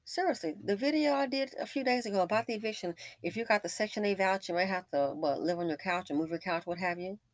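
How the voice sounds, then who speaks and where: A woman's voice: mid-range voice, fast talker, hardly any pauses, no echo. A woman host giving casual, opinionated commentary, telling a story with wry asides.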